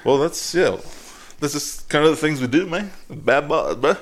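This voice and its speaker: A man's voice: on the high side, lively intonation, normal speed. A man co-hosting a podcast, telling sheepish stories about himself with lots of laughter. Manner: sheepish, laughing, self-mocking. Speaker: podcast co-host. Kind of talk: casual banter.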